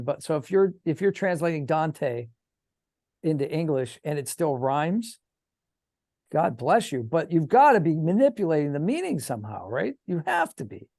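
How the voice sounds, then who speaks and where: A man's voice: fairly high pitch, darkish tone, no echo, studio quality. A man chatting animatedly as a podcast guest, heavy on fillers like "you know". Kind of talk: casual podcast chat.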